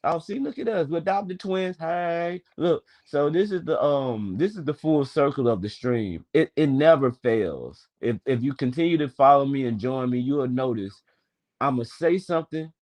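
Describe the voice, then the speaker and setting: A man's voice: fairly high pitch, animated, moderate pace, a little mellow. A man in his twenties from Memphis with a Southern accent, chatting casually on a stream with profane slang and long rambling stories. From Memphis, Tennessee. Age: 20s. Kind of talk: casual chat.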